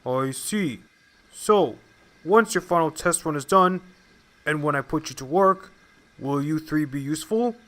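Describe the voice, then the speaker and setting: A stately male railway boss, put on by a man, speaking in formal, measured sentences. His voice is bright and a little raised. It suits a storybook reading. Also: on the high side, expressive.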